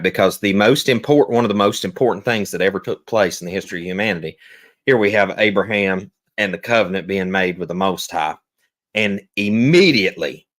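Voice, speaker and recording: A man's voice: fairly low pitch, a bit bright, no echo. A man hosting his own channel, reading scripture aloud and breaking off into plain, casual commentary. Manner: plain conversational delivery with fillers and restarts between readings. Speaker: channel host teaching on scripture.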